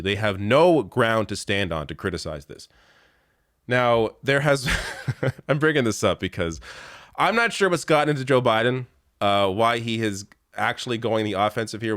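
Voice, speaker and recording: This political commentary host is a man whose lowish voice still carries a fairly bright tone. Exasperated and sarcastic, he reels off lists of names and figures, captured in a dry, clean studio recording.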